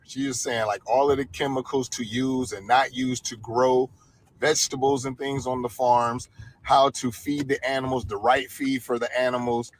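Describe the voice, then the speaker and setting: Man, mid pitch, wry lecturing commentary, faint background hum. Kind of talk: casual opinion commentary.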